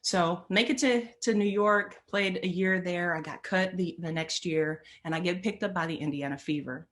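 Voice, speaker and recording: A woman's voice: fairly low pitch, moderate pace, fairly bright tone. A middle-aged woman telling a personal story as a motivational speaker, earnest and emphatic, often repeating phrases for weight.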